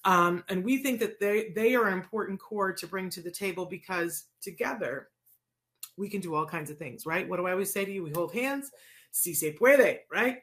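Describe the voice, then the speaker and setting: A woman's voice: medium pitch, brisk, fairly bright tone. A woman in her forties who hosts a live autism show and podcast, talking in a chatty, casual way with many fillers. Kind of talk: casual live-stream talk. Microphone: live-stream mic.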